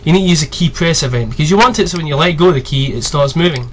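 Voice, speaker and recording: A man in his twenties giving a casual, rambling tutorial, chatty and quick to swear. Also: on the high side. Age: 20s. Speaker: video tutorial host. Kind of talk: casual screen-recorded tutorial.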